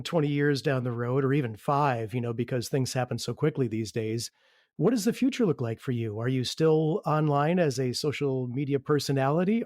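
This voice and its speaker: A man hosting a podcast in a measured way, stringing out long questions. His voice is a bit higher than most men's. The sound is dry and close, with no room echo. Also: darkish tone. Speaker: podcast host. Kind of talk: interview.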